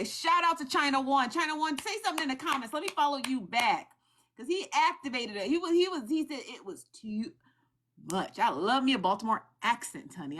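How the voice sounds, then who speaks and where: A woman hosting a live stream, chatting in an animated, effusive way and tagging lines with "okay?". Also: high voice, a little fast. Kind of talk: casual live-stream chat.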